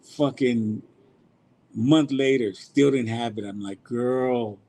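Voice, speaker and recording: A man telling a story as a podcast guest, casual and animated, swearing freely. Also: medium pitch, slow pace. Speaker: guest, car show organizer.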